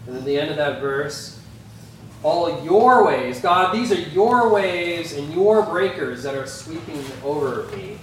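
Slow-preaching man in an echoey hall. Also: a little high, animated, distant mic, slight background noise. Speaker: pastor. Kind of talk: sermon.

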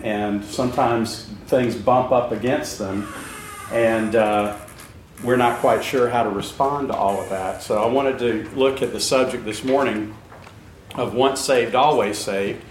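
A man teaching a Bible class in a relaxed, conversational way, with many fillers and jokes, asking the students questions. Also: medium pitch, slight background noise. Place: room with class present. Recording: very echoey room, mic at a distance.

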